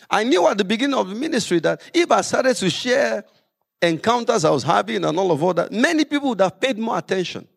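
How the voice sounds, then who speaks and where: A man preaching a sermon as pastor, lively with humorous asides. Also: high-pitched, gravelly.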